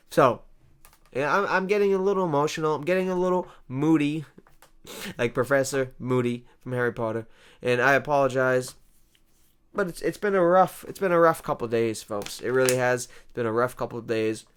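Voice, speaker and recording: A man hosting a comedy vlog, ranting in a rambling, exasperated monologue that swings between loud outbursts and quiet asides. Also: medium pitch, clean tone.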